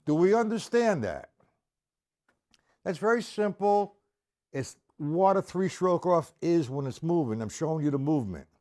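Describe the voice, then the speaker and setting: Man counting beats in a lively drum lesson. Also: a little high, normal speed. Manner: counts beats out loud, stressing each accent; talks straight to viewers in the chat. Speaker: drum teacher. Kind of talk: live-streamed drum lesson.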